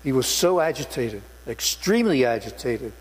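A man's voice: medium pitch, lively intonation, normal speed. An older man, a former police sergeant, preaching a sermon in a church sanctuary with earnest storytelling and emphatic stresses. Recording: long hall reverb with mains hum.

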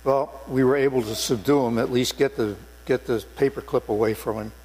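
A man's voice: medium pitch, fairly even intonation, brisk, darkish tone. Older man preaching in a reverberant sanctuary. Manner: earnest storytelling, rising to emphatic stresses. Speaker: preacher, former police sergeant. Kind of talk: sermon. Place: church sanctuary. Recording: long hall reverb with mains hum.

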